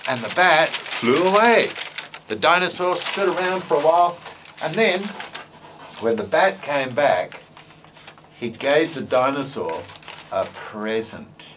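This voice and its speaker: A man's voice: on the high side, expressive, slow, pauses often, noisy background. A male educator giving an informal talk on using puppets in teaching, playful and full of fillers and hesitations, then telling a simple story.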